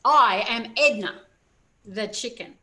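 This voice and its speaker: A woman's voice: fairly high pitch, takes it slowly, bright, forceful tone. A woman voicing a small, brave, defiant hen in a children's story, making firm and proud declarations.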